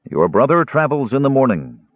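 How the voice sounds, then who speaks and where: A man's voice: mid-range voice, big pitch swings, husky, no echo, pitched above the performer's own voice. A man doing a stern cool-voiced mage. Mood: firm. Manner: cool, deliberate, authoritative. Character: older male mage, stern and measured. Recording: tinny, phone-like, dry.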